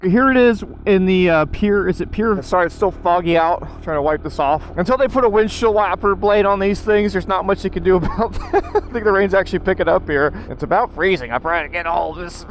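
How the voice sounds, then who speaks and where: Guy doing a moto gear review, bright slightly high voice, rambly and jokey, fillers everywhere. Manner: chatty, self-deprecating, rambling with fillers. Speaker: motovlog host. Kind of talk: casual gear review vlog. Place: on a motorcycle outdoors in rain and traffic. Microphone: helmet mic and small clip-on wireless mic. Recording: noisy outdoor ride audio. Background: wind and road noise.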